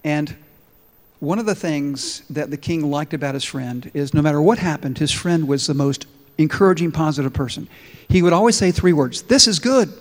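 A man's voice: on the high side, normal speed, darkish tone, big-room sound. A man preaching a sermon as a pastor in an emphatic, storytelling way.

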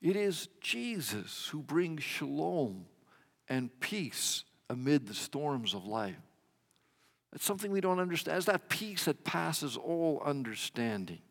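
A man preaching a sermon as a pastor, measured, rising to emphatic swells and dropping his voice at the ends of lines. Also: on the high side, sing-song, gravelly, long reverb tail.

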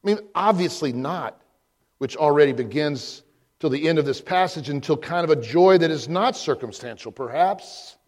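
A man preaching a sermon as pastor, posing emphatic rhetorical questions with frequent pauses. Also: a little high, animated, a little mellow. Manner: slow, deliberate delivery with frequent pauses.

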